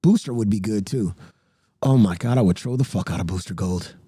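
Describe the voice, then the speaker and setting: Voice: low voice, fairly quick, mellow, slightly rough, no echo, studio quality. A livestream host chatting casually with viewers, laughing often and swearing freely.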